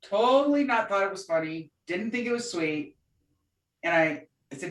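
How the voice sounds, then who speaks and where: A woman's voice: medium pitch, normal speed. A woman co-hosting a podcast, telling a story in casual chat and acting out the voices of the people in it. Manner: chatty, animated storyteller, acts out quoted voices. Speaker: podcast co-host. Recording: echoey room, distant mic.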